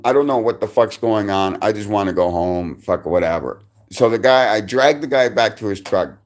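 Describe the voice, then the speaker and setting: A man telling a rambling personal story on a live stream, swearing constantly and restarting his sentences. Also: fairly low pitch.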